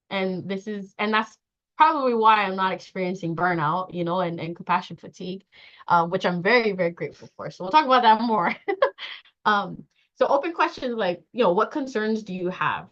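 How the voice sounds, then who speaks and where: Lively woman trainer, lo-fi sound. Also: medium pitch, a little fast. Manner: lively, acts out quoted dialogue, laughs often. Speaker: trauma-informed care trainer. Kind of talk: workshop training talk. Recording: dull lo-fi sound.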